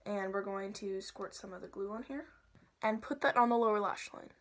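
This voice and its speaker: A young woman chatting casually and playfully through a makeup tutorial at home, sometimes dropping to soft asides. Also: mid-range voice, normal speed. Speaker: makeup vlogger.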